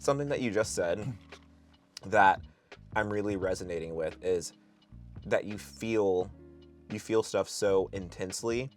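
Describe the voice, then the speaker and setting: A man hosting a studio interview, playful and animated, mock-offended at times, then earnestly reflective. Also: low voice, a little slow, pauses often, music in the background. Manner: playful, animated, jokingly aggrieved. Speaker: podcast host. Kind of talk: casual interview chat.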